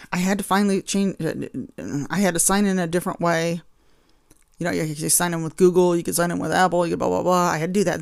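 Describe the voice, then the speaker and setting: Gravelly-voiced woman podcast host chatting. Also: on the low side, no echo, clean studio sound. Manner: rambling, chatty and easily exasperated. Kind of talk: casual chat.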